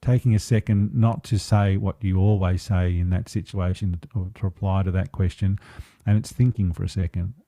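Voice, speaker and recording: A man's voice: sits low, steady tone, moderate pace, mellow, dry recording. A man speaking as an empowerment coach in a podcast interview, earnest and reflective, taking his time over his thoughts.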